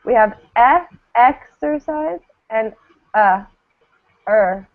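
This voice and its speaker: Slow, patient woman teaching. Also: fairly high pitch. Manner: slow, patient, models words for repetition. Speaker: English pronunciation teacher. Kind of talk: classroom pronunciation drill. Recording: tinny phone-like lo-fi sound.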